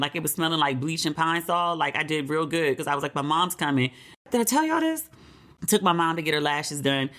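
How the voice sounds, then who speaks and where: Her voice is deep with a fairly bright tone: a middle-aged podcast host from the United States chatting casually. She narrates stories and performs the quoted people in a louder voice.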